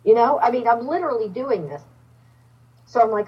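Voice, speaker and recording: A woman's voice: a little high, normal speed, slightly rough, distant mic, dull audio. A woman guest on a podcast telling a personal story in a casual way, acting out the voices of the people in it. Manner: animated storyteller, acts out dialogue. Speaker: podcast guest, psychic medium.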